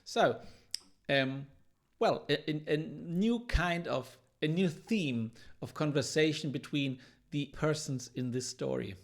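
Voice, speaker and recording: A man teaching classical guitar, analysing a piece in a thoughtful, explanatory way and pausing now and then to search for words. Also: fairly high pitch, gravelly. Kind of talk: music analysis lesson. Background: guitar playing.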